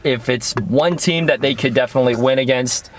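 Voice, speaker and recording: Relaxed man talking football picks. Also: medium pitch, brisk, a crowd in the background. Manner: relaxed, reads out matchups and makes picks. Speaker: podcast co-host. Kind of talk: casual sports chat.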